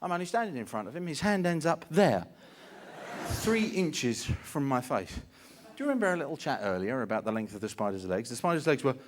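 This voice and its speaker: A man performing a stand-up routine, telling a story with sudden shouted outbursts. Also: mid-range voice, big pitch swings, brisk, a little hiss or hum. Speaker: stand-up comedian.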